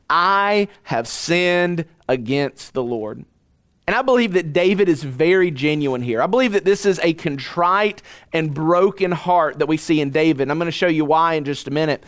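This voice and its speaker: An earnest male pastor preaching a sermon and reading scripture aloud. His voice sits high and sounds smooth and resonant. He leans into key lines with deliberate pauses.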